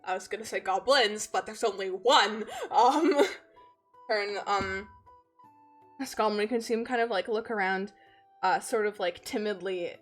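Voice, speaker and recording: A woman's voice: medium pitch, unhurried, faint music behind. A woman narrating as game master of a tabletop game, rambling and full of fillers.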